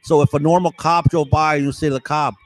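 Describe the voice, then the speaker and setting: A man's voice: a little high, fairly even intonation, quick pace, dry recording, poor audio. A man in a casual monologue, rambling and insistent, with an aggrieved, conspiratorial tone that keeps checking in with "right?".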